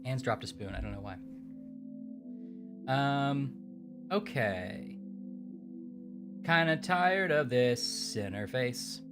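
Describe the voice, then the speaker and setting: A woman's voice: a bass voice, expressive, slow, pauses often, over music. A woman chatting casually while playing a game, rambling and chatty. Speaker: game streamer.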